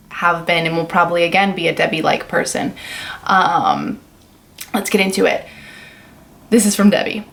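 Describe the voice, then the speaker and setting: A woman's voice: fairly low pitch, a bit bright. A woman vlogger answering a viewer's question in a casual, upbeat way, joking and swearing freely. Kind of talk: casual vlog chat.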